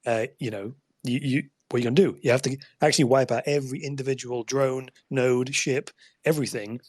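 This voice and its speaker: A man's voice: mid-range voice, steady tone, fairly quick, breathy edge, no room sound. A man guesting on a casual podcast chat who talks in a conversational way, plays devil's advocate and laughs along.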